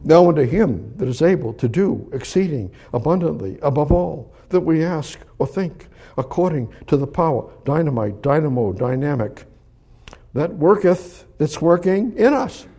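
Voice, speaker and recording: A man's voice: fairly high pitch, expressive, moderate pace, dark tone, breathy edge. A man preaching a sermon in a church, reading Bible verses and asking God rhetorical questions. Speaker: pastor. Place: church service.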